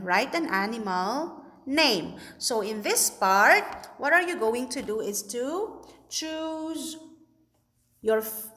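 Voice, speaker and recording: A woman teacher giving a recorded class lesson to young learners, slowly explaining and checking that they understand. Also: on the high side, a bit bright. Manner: slow, sing-song teacher talk with many checks for understanding. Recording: echoey room with long reverb.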